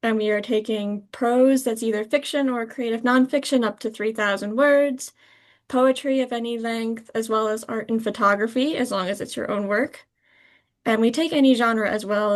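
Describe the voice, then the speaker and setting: A woman with a somewhat high voice lays out submission details for a literary magazine. She speaks steadily and informatively over a video call.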